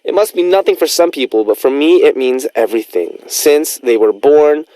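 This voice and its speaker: A man's voice: fairly high pitch, lively intonation, moderate pace, mellow, no room sound. A man hosting a radio music show, reading listener messages aloud in a playful, teasing, chatty way. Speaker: radio DJ host.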